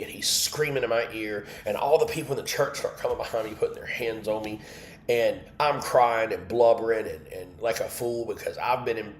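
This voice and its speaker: Man, low-pitched, candid and emotional, tells his own story on a livestream in an echoey room. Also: slight background noise. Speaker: host of an online Bible study. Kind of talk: personal testimony on a livestream.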